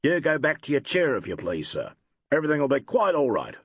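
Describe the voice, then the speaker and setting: A man's voice: medium pitch, normal speed, no echo, natural voice. A man voicing a formal, deferential police constable in a storybook mystery. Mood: dutiful. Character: stolid police constable, polite and dutiful.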